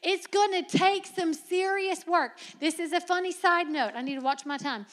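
A young woman preaching a lively, humorous sermon, moving between soft low asides and loud emphatic lines, with frequent laughter. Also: normal speed. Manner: laughs often.

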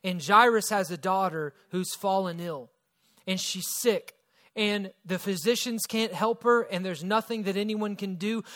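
High-voiced man preaching a sermon. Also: a little slow. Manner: storytelling with acted quotes, emphatic swings from loud to hushed. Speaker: pastor.

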